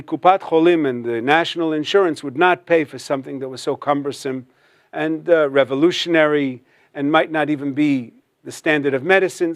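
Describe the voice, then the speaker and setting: A man tells a story as part of a religious talk, working Hebrew terms into his narration. His voice sits a bit high for a man. The sound is dry and close. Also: no echo. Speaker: religious speaker.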